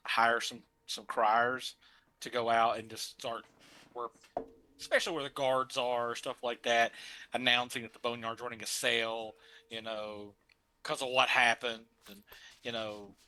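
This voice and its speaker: A man's voice: mid-range voice, level tone, measured pace, pushed and bright. A man playing a tabletop game, laying out his character's plans in a rambling way with many fillers. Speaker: player.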